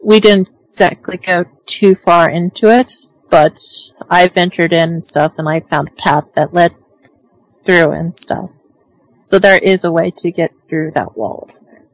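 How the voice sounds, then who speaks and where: Woman, tabletop player, lowish voice, dry sound, rambling. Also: steady tone, a little slow, no echo, poor audio. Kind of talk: casual tabletop role-play.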